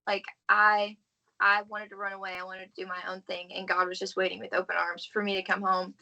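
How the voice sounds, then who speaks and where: On a low-quality recording, a young Southern US woman speaks a little fast at medium pitch, with little pitch movement, vocal fry and a sharp tone. Appearing as a podcast guest, she offers a sincere, heartfelt account of her faith, sprinkling in "like" again and again.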